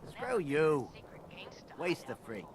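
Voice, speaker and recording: A brash street drug dealer. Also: male voice, a little high, big pitch swings, takes it slowly. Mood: mocking. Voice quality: mocking, brash. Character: mocking small-time chem dealer thug.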